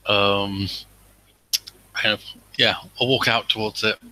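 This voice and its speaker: A man's voice: fairly low pitch, steady tone, slow pace, bright, forceful tone, low-quality recording. A man playing a tabletop role-playing game, talking hesitantly with many fillers. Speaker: player. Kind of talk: casual tabletop play.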